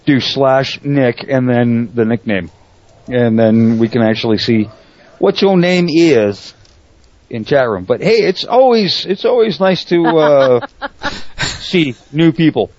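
A man's voice: mid-range voice, animated, slow, darkish tone. Male host, blunt and profane, dull lo-fi audio. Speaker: show host. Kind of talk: casual profane banter.

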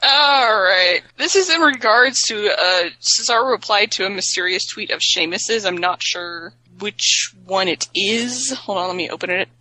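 A woman's voice: mid-range voice, expressive, a little slow, few pauses, bright, forceful tone, low-quality recording. A woman co-hosting a casual chat show, playfully reading social media posts aloud and teasing her co-host. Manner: playful, reads quotes aloud with voices.

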